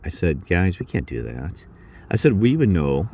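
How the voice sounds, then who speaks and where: A man telling a rambling work story in casual talk, acting out his coworkers' lines in a higher voice. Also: sing-song, moderate pace, mellow. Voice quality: low gravelly voice. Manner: rambling, acts out coworkers' lines with raised pitch.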